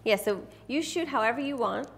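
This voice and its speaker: A woman's voice: on the high side, expressive, brisk, gravelly, a bit bright, a little hiss or hum. A woman presenting a live workshop, teasing and directing volunteers in front of an audience. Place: event room with an audience.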